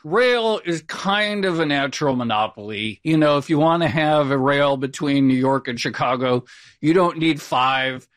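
A man's voice: a little high, expressive, normal speed, a bit bright, no room sound. Male podcast co-host, dry close sound, casual and curious, question-driven. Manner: curious, thinks aloud, loose informal phrasing. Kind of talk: conversational podcast interview.

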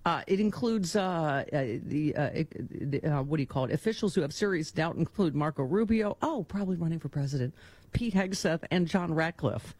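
A woman hosting a radio talk show, joking and sarcastic, often pausing to search for a word. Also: low-pitched, animated, a little mellow. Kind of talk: casual political talk radio banter. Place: radio studio.

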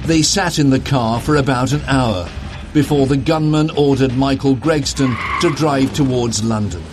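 A man reading scripted documentary narration in a steady, matter-of-fact way. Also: medium pitch, moderate pace, music in the background.

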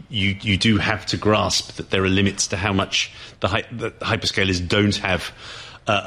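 A man in his fifties, an opinion columnist, talking through market analysis in a halting way with many restarts and fillers. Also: deep voice, bright, forceful tone.

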